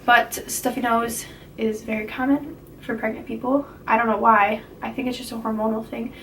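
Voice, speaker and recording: A woman's voice: a little high, steady tone, normal speed, a bit bright. A young woman chatting casually in a pregnancy update vlog, rambling with fillers and giggling easily. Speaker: vlogger sharing a pregnancy update. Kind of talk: casual chat. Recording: slightly distant mic with faint noise.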